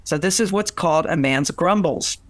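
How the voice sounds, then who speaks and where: An older man giving relationship advice in a lively storytelling way, acting out what people said and laughing often. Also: on the high side, normal speed, no echo. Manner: animated, acts out quoted voices, laughs often. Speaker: relationship author and guest.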